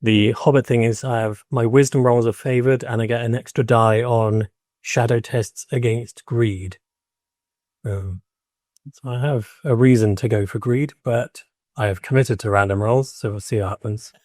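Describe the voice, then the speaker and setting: Casting: mellow, matter-of-fact male player, dry close sound. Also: medium pitch, fairly even intonation, moderate pace, dry recording. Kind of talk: casual tabletop game chat.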